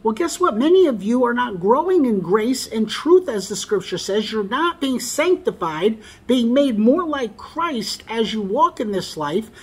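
A man delivers a sermon in a husky, breathy voice. He reads scripture aloud and presses his points emphatically, repeating the lines that matter most. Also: very high voice, big pitch swings, measured pace, few pauses. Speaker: preacher.

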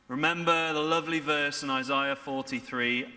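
A man's voice: on the high side, normal speed, hardly any pauses, bright, forceful tone. A man preaching a sermon in a conversational way, often asking the congregation rhetorical questions. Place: church. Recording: church hall reverb.

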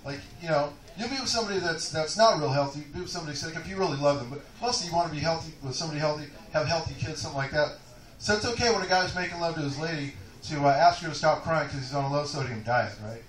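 A man's voice: on the high side, very fast, fairly bright tone. A man doing a rambling, profane stand-up set in a comedy club. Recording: echoey club, taped from far off.

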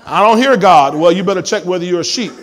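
A man's voice: high voice, quick pace, a faint crowd. A male pastor preaching a sermon in a church, emphatic and full of call-and-response questions to the congregation.

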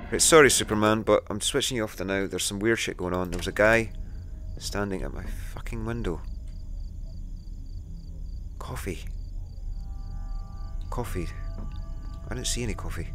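A man's voice: on the low side, normal speed, pauses often, music in the background. A man giving let's play commentary on a horror game, jumpy and swearing as he talks to himself. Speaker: gamer.

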